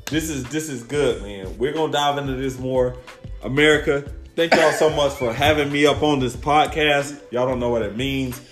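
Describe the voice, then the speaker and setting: A man's voice: mid-range voice, moderate pace. Man, podcast guest, earnest, reflective, repeats phrases, echoey room, faint music.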